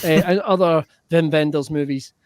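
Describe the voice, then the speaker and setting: Excitable giggly guy hosting a comedy show on a video call, high voice, dry close sound. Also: normal speed, dry recording. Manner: giggly, excitable, swears playfully. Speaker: host.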